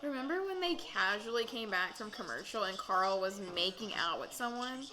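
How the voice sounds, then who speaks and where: A woman hosting a casual reaction recap of a reality dating show, chatting in a gossipy way with quick asides and bursts of laughter. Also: mid-range voice, animated, pushed and bright, low-quality recording.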